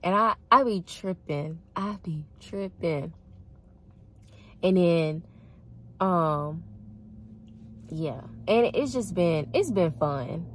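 A young woman chats to her viewers about her dating life and keeps breaking into laughter. Her voice sits a little low, and she talks loosely and casually, often calling them y'all. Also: expressive, slow pace, long pauses, a bit bright, slight background noise. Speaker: vlogger. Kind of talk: casual storytelling to camera.

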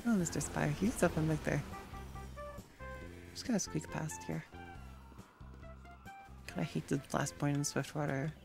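A streamer chatting casually while playing a game, sarcastic and quick to react to chat and gameplay. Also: medium pitch, creaky, over music.

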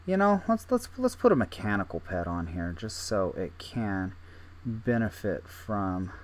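A man's voice: lowish voice, sing-song, a little slow. A young man casually thinking aloud while playing a game, self-mocking and full of restarts. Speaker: gaming video host. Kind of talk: casual gameplay commentary.

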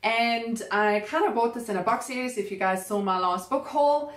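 A woman's voice: fairly high pitch, normal speed, far from the mic. A woman chatting casually about books she has read, enthusiastic and rambling, often restarting her sentences. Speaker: book vlogger. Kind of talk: casual book review chat. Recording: roomy sound, voice a bit off-mic.

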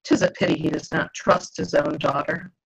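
A wheedling male spirit speaks in old-fashioned, theatrical phrases, as a woman reads him aloud. The voice is husky with a gravelly rasp, and the audio sounds dull and lo-fi. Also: low-pitched, steady tone, normal speed, heavily acted. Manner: archaic, coaxing, theatrical. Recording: dull lo-fi video call audio.

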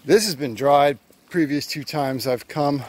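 A man's voice: fairly high pitch, measured pace. A man chatting to himself in a casual hiking vlog, rambling and joking as he walks a forest trail outdoors. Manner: rambling, joking self-talk. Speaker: vlogger.

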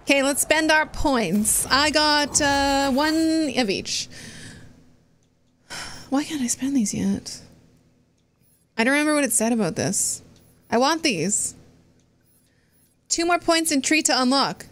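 A woman's voice: high voice, lively intonation, slow, long pauses, fairly bright tone, slight background noise. A woman streaming a game, thinking aloud in casual commentary and swearing freely.

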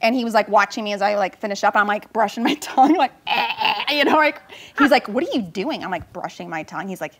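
A woman's voice: medium pitch, lively intonation, fast, fairly bright tone. A woman co-hosting a talk show, telling stories animatedly and acting out both sides of the conversation. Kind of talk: casual chat.

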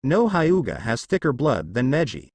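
A man's voice: medium pitch, huge pitch swings, moderate pace, slightly rough, no room sound, full character voice. A man voicing a stern, solemn middle-aged male clan head.

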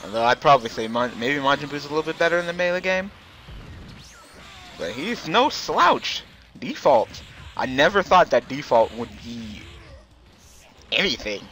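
Bright, excitable male game commentator. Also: on the high side, normal speed, pauses often, slight background noise. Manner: excitable, chuckling, rambling asides. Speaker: gameplay commentator.

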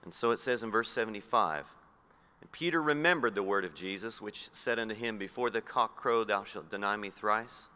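A man from Australia preaching a sermon, reading scripture slowly and low and putting questions to his listeners. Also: sharp tone, clear, resonant tone. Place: church hall. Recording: long hall reverb.

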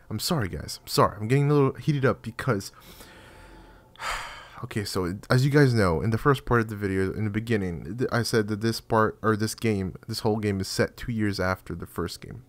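A man commenting casually on his game as he plays, excitable and chatty, cursing and addressing his viewers often. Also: on the low side, moderate pace, soft background music. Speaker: gaming channel host.

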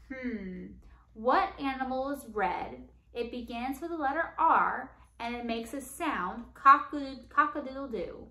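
Woman, children's storytime reader, high voice, sing-song, slow and patient, echoey room. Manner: animated, questioning, coaxing. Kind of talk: reading a picture book aloud to young children. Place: library room.

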